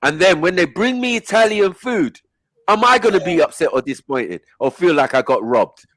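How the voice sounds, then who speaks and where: A man hosting a casual panel chat on a stream, ranting in an animated, exasperated way and swearing. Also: high-pitched, normal speed, no room sound. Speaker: stream host.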